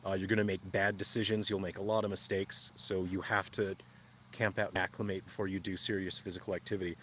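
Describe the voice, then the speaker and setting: A man's voice: low-pitched, flat delivery, fast talker, fairly bright tone, a little hiss or hum. Breathless man streaming from a mountain camp. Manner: huffing and puffing from thin mountain air. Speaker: livestreamer. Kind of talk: casual livestream chat. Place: campsite outdoors in the mountains at night.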